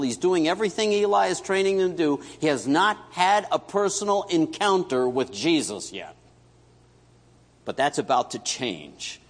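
A man preaching a sermon as pastor, telling a story and acting out its dialogue, swinging between loud and hushed. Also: a little high. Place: church sanctuary. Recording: echoey church hall.

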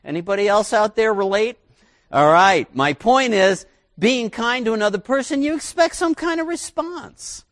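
Middle-aged pastor guy preaching, chatty and folksy, slightly high voice. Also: animated, moderate pace, a bit bright, dry recording, clean studio sound. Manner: folksy, conversational preaching with asides to the congregation. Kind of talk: sermon.

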